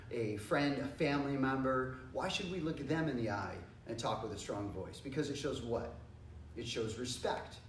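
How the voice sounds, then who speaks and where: A man's voice: medium pitch, slight background noise. A middle-aged man teaching a kids' martial arts class on handling bullies, asking the class questions and having them repeat phrases back. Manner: encouraging, rhetorical questions, leads call-and-response drills. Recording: echoey room, voice a bit far from the mic.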